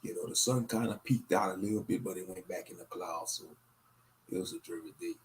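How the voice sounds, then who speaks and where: A man hosting a casual late-night livestream, talking in a low-key, monotone, rambling way and sounding tired and worn out. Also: fairly quick, a little hiss or hum. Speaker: livestream host.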